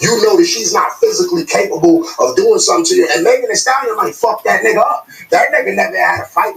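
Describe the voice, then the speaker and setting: A man's voice: high voice, vocal fry, fairly bright tone, echoey room, low-quality recording. A man, arguing in a heated podcast debate, emphatic and profane, repeating himself to make a point. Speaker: podcast co-host.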